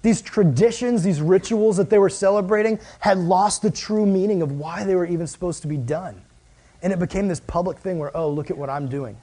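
A young man preaching a casual, storytelling sermon, animated and jokey, acting out the voices of the people in his stories. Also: sits high, fairly quick.

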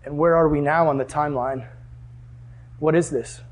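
A young man teaching a Bible lesson to a group, animated and asking the class questions. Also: fairly high pitch, normal speed.

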